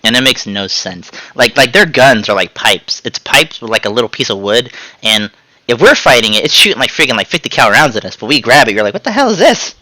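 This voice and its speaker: A man's voice: mid-range voice, a little fast, dry recording, rough recording. A man hosting a podcast, chatting casually and telling jokey stories with sound effects. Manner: joking, animated storytelling with sound effects. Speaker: podcast host. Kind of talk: casual chat.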